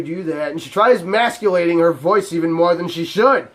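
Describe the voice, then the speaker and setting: A man's voice: a little high, normal speed, few pauses, fairly bright tone. A man hosting his own channel, delivering a heated, profane, exasperated rant to camera. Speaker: channel host. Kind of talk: ranting vlog to camera.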